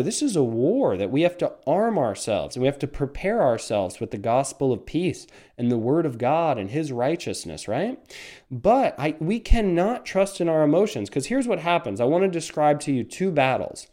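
Male preacher, sermon, animated pitch, mellow dark tone, earnest and emphatic. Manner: earnest, emphatic, with frequent restarts.

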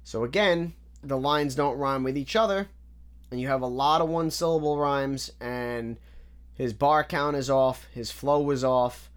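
A man's voice: medium pitch, unhurried, clear, resonant tone. Guy going over rap bars one by one, picky, keeps circling back and restarting. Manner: analytical, repeats points, restarts often. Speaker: music reviewer. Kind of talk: casual breakdown of rap lyrics.

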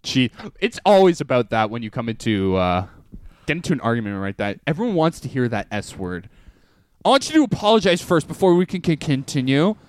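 A man's voice: mid-range voice, big pitch swings, brisk, smooth, no echo. A young man co-hosting a casual comedy podcast, joking, laughing often and acting out quoted arguments. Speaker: podcast co-host.

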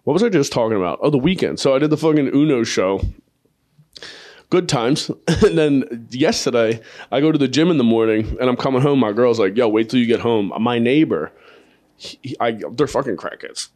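A man's voice: medium pitch, expressive, moderate pace, a little mellow. A man hosting a podcast, a comedian chatting crudely, with lots of profanity and jokes. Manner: profane, joking, storytelling. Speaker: podcast host. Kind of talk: crude casual chat.

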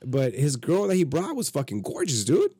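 A man hosting a podcast in casual chat, profane and animated, acting out quotes as he tells stories. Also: a little high, normal speed, husky, dry recording, studio quality. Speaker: podcast host.

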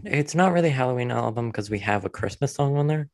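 Low gravelly man in a dry room. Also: fast talker, no room sound. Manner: hesitant, lots of fillers, relaxed. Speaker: musician co-host discussing the album. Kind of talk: casual chat.

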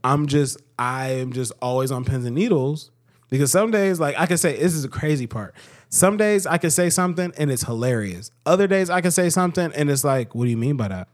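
A man's voice: a little high, brisk. A man in his thirties co-hosting a podcast, telling jokes and talking with sarcasm in casual chat. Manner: joking, sarcastic, animated storytelling. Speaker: podcast co-host.

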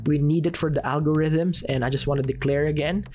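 A man hosting a podcast, giving an earnest, encouraging faith talk with dramatic pauses. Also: a little high, steady tone, darkish tone, faint music behind. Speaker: podcast host.

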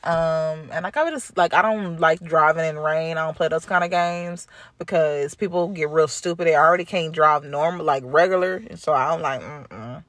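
A woman's voice: deep voice, steady tone, moderate pace, fairly bright tone, no room sound. A woman hosting her own podcast, telling a travel story in a chatty, slangy way, swearing and laughing often. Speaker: podcast host. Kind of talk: casual spoken travel update.

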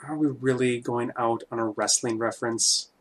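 A man hosting a casual podcast, sarcastic and deadpan with his co-host. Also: medium pitch, normal speed.

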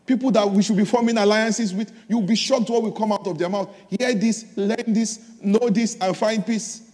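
A man's voice: high-pitched, steady tone, moderate pace, a little mellow, big-room sound. A man preaching a sermon, telling a story and exhorting his listeners with repeated phrases.

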